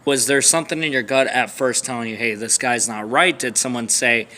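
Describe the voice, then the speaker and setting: A man's voice: mid-range voice, a little fast, pushed and bright. A man co-hosting a vlog, asking questions and talking things through hesitantly, with many restarts. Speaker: boyfriend co-host asking questions. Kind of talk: casual serious chat.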